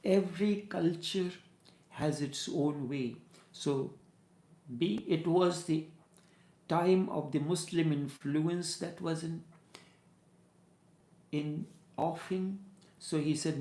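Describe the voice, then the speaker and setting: Slow, measured man in echoey room. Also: on the high side, mellow. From Trinidad. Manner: slow and measured, repeats phrases for emphasis. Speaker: spiritual teacher. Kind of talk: spiritual discourse with storytelling. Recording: roomy echo.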